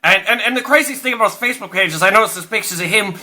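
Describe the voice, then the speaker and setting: A man's voice: high voice, rapid-fire, pushed and bright. A man hosting his own video show, telling a story in an exasperated, profane rant. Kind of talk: ranting storytelling monologue.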